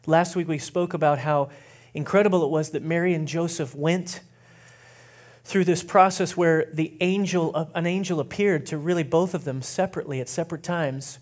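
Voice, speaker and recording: A man preaching as pastor, chatty and relaxed with many fillers, slowing down to read scripture aloud. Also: on the high side. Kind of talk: sermon.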